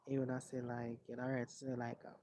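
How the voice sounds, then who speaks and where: A man chatting casually on a live stream outdoors, rambling and halting with lots of filler words. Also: medium pitch, monotone, a little mellow, lo-fi sound, a little hiss or hum. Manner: rambling and halting, full of "like" and "you know".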